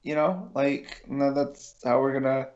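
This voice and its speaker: A man's voice: medium pitch, unhurried, a little mellow, lo-fi sound. A man co-hosting a podcast, talking eagerly and chatting casually with fillers. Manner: eager, enthusiastic fan talk with fillers. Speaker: podcast co-host. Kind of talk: casual chat.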